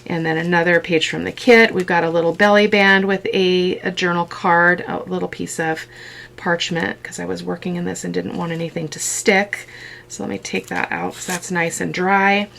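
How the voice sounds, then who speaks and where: A woman talks through her handmade miniature journal in a relaxed, chatty way, thinking aloud and delighting in small details. Her voice sits a little low with a gravelly edge of vocal fry. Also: moderate pace. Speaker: craft video host. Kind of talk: casual crafting walkthrough.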